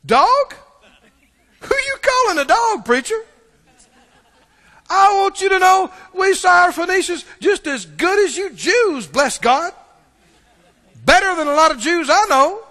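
A male preacher voicing a proud, defiant foreign mother who will not be turned away, speaking loudly and insistently, with long hall reverb. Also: extremely high pitch, slow pace, long pauses, voice pushed up, heavily acted. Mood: indignant. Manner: indignant, loud, insistent.

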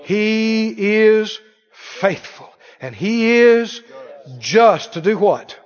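A male pastor preaches with a strikingly high voice, slipping into voices of doubting people as he makes his points. His sermon rings through a large hall with a long reverb tail. The recording sounds somewhat dull and muffled. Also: expressive, drawn-out words.

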